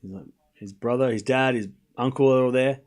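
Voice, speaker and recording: A man's voice: medium pitch, fairly quick, darkish tone. A man hosting a live watchalong, chatting casually with his chat, rambling with frequent fillers and restarts. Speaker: livestream watchalong host.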